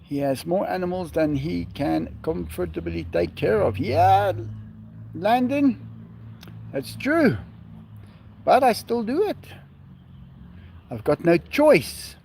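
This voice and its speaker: A man's voice: sits high, animated, slow, creaky, pauses often, darkish tone, slight background noise. A man hosting a casual live stream outdoors at home, reading viewer comments aloud and answering them. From South Africa.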